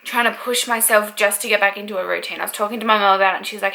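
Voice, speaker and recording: A woman's voice: mid-range voice, steady tone, very fast, vocal fry, hardly any pauses, bright, forceful tone, poor audio. A young woman in her twenties chatting candidly to camera at home in a casual vlog. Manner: chatty and candid, with frequent fillers. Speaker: vlogger.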